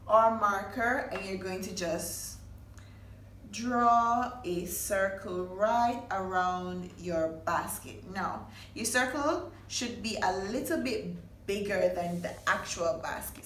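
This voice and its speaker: A woman hosts a children's storytime and craft session, talking gently and slowly as she guides young kids step by step. Her voice sounds roomy and echoey, with a faint hiss underneath. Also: medium pitch, recorded from a distance. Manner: gentle, instructive, speaks to the children directly. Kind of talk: reading aloud and craft demo for preschoolers. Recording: echoey room, faint noise.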